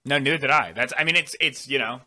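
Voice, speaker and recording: A man's voice: medium pitch, quick pace, sharp tone. A man co-hosting a casual movie podcast, chatty and agreeable, with lots of fillers. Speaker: podcast co-host. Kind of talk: casual chat.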